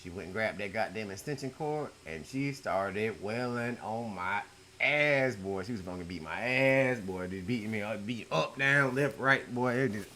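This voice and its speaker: A middle-aged man telling a story from his own life in a casual, profane way, jumping between loud outbursts and low mutters at home. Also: animated, moderate pace, slight background noise. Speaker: YouTube storyteller.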